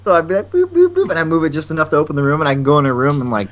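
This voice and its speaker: Guy hosting a chill podcast, kinda high voice, tells stories and does all the voices. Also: rapid-fire, a little hiss or hum. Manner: animated storyteller, acting out quotes. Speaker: podcast host. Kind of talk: casual chat.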